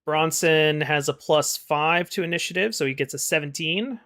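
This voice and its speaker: A man acting as game master for a tabletop game narrates in a relaxed manner, filling his speech with lots of fillers. His voice is slightly high and moves at a normal speed.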